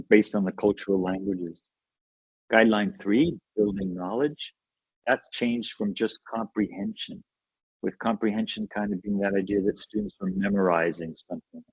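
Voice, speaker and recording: A man's voice: fairly low pitch, husky, no echo, highs cut off. A man giving an educational webinar talk in an enthusiastic, conversational way, often checking in with "right?". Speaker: webinar presenter.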